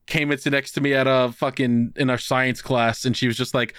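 A young man co-hosting a podcast, telling a story in an animated, swearing, casual way. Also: mid-range voice, fairly quick, clear, resonant tone, no echo, clean studio sound. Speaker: podcast co-host. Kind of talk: casual chat.

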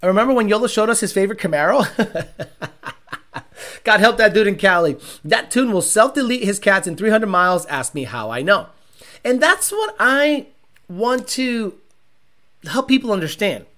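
A man's voice: high-pitched, animated, normal speed, fairly bright tone. A young man hosting a casual car-tuning livestream. He answers viewer questions bluntly and profanely, makes jokes, and mocks others in put-on voices.

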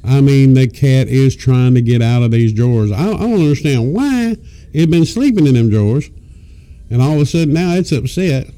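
Radio host, male, very dark, mellow voice, crude and joking, rambling storyteller. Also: mid-range voice, expressive, normal speed. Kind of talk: casual comic storytelling. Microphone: studio microphone.

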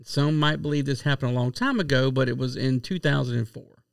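A man reading out a report and then arguing loudly in casual chat, swearing freely and pushing his point. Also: mid-range voice, brisk, gravelly, clean tone, no room sound, clean studio sound. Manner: blunt, loud, argumentative, swears a lot.

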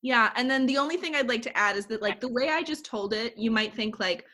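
A woman's voice: fairly high pitch, brisk, hardly any pauses. Woman animatedly retelling a movie plot. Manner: animated storyteller, heavy use of "like". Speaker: podcast co-host.

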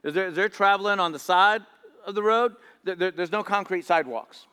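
A pastor with a high, smooth, sharp-toned voice preaches a sermon as a story, speaking fairly quickly. He often repeats words as he goes, and the church hall around him is echoey.

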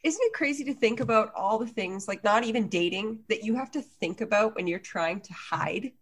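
A woman's voice: mid-range voice, lively intonation, moderate pace, slightly rough. A woman co-hosting a casual chat, supportive and emphatic, with short affirmations.

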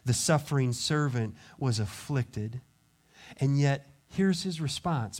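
A pastor preaching a sermon, acting out quoted voices and dropping to quiet intensity. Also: male voice, mid-range voice, lively intonation, takes it slowly.

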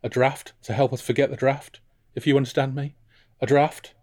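A man's voice: mid-range voice, little pitch movement, moderate pace, a little mellow, pitched above the performer's own voice, natural voice. A man reading aloud as a vain, shifty male playwright with grandiose, affected lines.

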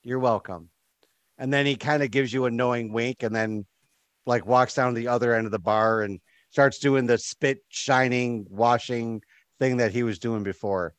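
A man's voice: medium pitch, fairly even intonation, normal speed, no room sound. Male game master, loose rambling narration, dry sound. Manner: casual, rambling narration with fillers.

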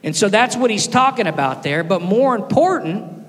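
A man preaching a sermon, earnest, rising to loud emphasis and dropping to soft, quiet lines. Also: sits high, sing-song, normal speed. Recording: long hall reverb with faint music.

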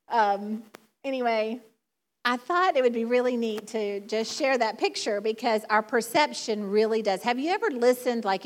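Southern woman, casual church sermon, conversational and quick to laugh, slightly high voice. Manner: chatty, laughs often, many fillers. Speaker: church speaker. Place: church sanctuary before a congregation.

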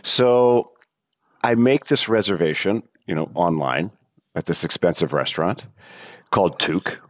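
A man telling a funny travel story in casual chat, animated and swearing freely. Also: sits low, unhurried, dry recording, clean studio sound. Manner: animated, swearing, mimics people in stories.

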